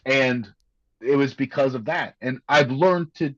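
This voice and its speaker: Male podcast guest, mid-pitched, earnest and halting, muffled dry recording. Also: fairly bright tone, no echo. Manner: earnest, halting, repeats words. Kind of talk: candid conversation.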